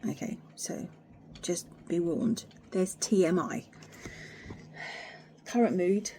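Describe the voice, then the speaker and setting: A woman's voice: fairly low pitch, slow pace, warm tone, a little hiss or hum. Blunt woman ranting at home. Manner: blunt, sweary, ranting, with whispered asides. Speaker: vlogger. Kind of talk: candid personal vlog.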